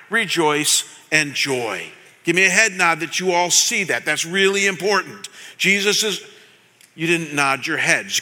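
A man's voice: high-pitched, sharp tone. A man preaching a sermon to his congregation, stressing key words and talking straight to the listeners. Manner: emphatic, repeats key words, addresses congregation directly. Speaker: pastor. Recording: reverberant hall.

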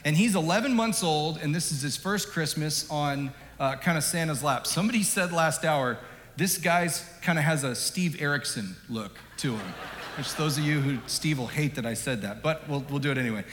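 Conversational pastor in a reverberant hall. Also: male voice, a little high, normal speed, slight background noise. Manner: conversational, jokey, animated storytelling. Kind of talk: sermon. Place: church sanctuary.

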